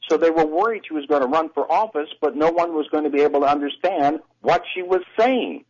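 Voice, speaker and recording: A man who coaches voices, explaining things in a lively, teacherly way as a guest on a radio talk show, heard over a phone line. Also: fairly high pitch, brisk.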